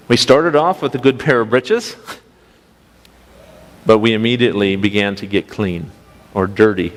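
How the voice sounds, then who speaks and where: A man's voice: medium pitch, moderate pace. Young man preaching a folksy story sermon. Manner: folksy, anecdotal, rhetorical questions to congregation. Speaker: pastoral intern. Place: church sanctuary. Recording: long church reverb.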